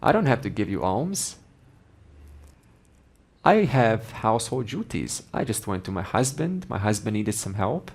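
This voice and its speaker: A man voicing an indignant old woman who scolds rapidly in a raised voice. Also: fairly low pitch, big pitch swings, gravelly, husky, exaggerated voice.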